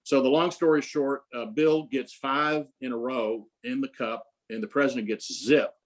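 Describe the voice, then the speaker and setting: A man's voice: medium pitch, steady tone, normal speed, low-quality recording. An older man, an interview guest, telling rambling stories full of quoted dialogue, with frequent restarts. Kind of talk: casual storytelling.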